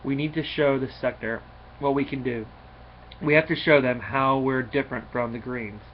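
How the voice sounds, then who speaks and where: A man's voice: mid-range voice, steady tone, moderate pace, dull audio, a little hiss or hum, close to an everyday voice. A man voicing a zealous male alien brain creature who preaches and rallies in a sermon-like way. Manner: preachy, rallying.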